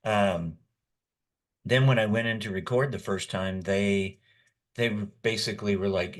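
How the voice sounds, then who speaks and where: This sixty-something man, a guest voice actor, rambles through lengthy stories with a laugh here and there in an easygoing conversation. He speaks somewhat slowly, with a voice on the lower side.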